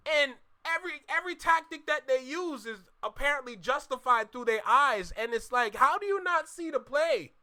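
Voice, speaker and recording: A young man with a high, bright voice giving casual live-stream reaction commentary. He talks in loose slang and swings from loud, exasperated outbursts to quiet muttering. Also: animated, normal speed, hardly any pauses.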